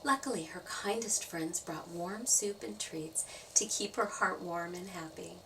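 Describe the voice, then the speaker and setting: A woman storyteller reading a children's story aloud, playful and expressive. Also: lowish voice, a little slow, recorded from a distance, background noise. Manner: expressive, playful sound effects.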